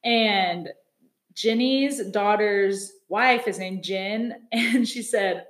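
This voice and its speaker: A woman co-hosting a podcast in casual chat, talking fast and laughing often as she acts out the people she describes. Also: mid-range voice, echoey room. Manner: chatty, laughs often, quotes people in lively put-on voices. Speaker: podcast co-host. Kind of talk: casual chat recapping reality TV.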